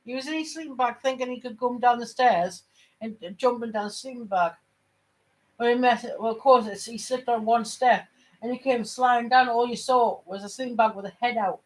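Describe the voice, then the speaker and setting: A woman's voice: a little high, a little fast, poor audio. A woman, chatting casually on a vlog, rambling through stories with many restarts. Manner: rambling storyteller, restarts, laughs at her own stories. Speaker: vlogger. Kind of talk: casual chat.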